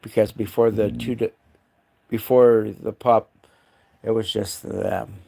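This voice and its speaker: A man with a gravelly, fairly low voice chats casually on a live stream from indoors at home. He keeps breaking into cooing baby talk with his dogs. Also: level tone, slow pace, dark tone.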